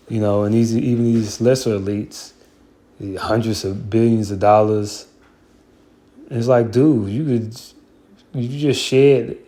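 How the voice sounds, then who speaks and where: A man's voice: mid-range voice, mellow. A man giving casual Bible commentary, heated and profane, rambling with many fillers like "you know".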